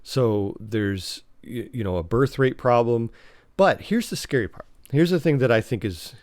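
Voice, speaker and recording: A man hosts a solo podcast, rambling through his notes with lots of ums and restarts. His mid-pitched voice sits in a dry, close room with no echo. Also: darkish tone. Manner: rambling, full of fillers and restarts. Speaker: podcast host. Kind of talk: casual solo podcast talk.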